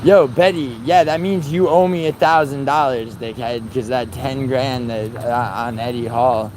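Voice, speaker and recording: A man's voice: mid-range voice, fairly even intonation, unhurried, a little mellow. A young man, livestreaming outdoors on a city street and trading profane, teasing banter with his chat. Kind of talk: casual livestream chat with viewers. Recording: faint street and traffic noise.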